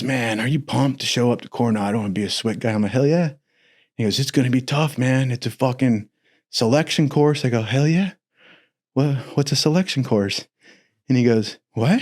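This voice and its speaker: Profane laughing man telling stories. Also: darkish tone. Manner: profane, laughing, acts out quotes in higher voice. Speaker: podcast storyteller. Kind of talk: casual storytelling.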